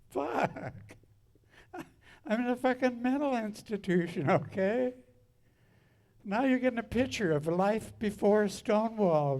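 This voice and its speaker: A man in his seventies telling stories on stage between songs, speaking frankly and wryly with crude jokes. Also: high-pitched. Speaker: singer and storyteller on stage. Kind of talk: spoken storytelling between songs at a live show. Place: live music venue.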